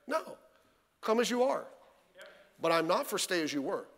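A man preaches a midweek sermon, his voice sitting notably high for a man. He keeps it folksy and conversational, tossing rhetorical questions at the congregation. The sound rings with a long church-hall reverb. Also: sing-song, normal speed, fairly bright tone. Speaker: pastor.

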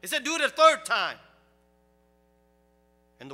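Male pastor, high and bright, animated sermon delivery, reverberant hall. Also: moderate pace, long pauses, faint music behind. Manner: animated, rising to loud preaching.

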